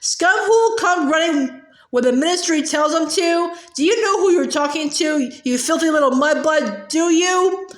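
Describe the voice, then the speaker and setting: A woman's voice: animated, moderate pace. A woman reading aloud and voicing a furious, bullying old male wizard who bellows and sneers, in an echoey room. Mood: snarling. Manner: bellowing, sneering, raised pitch.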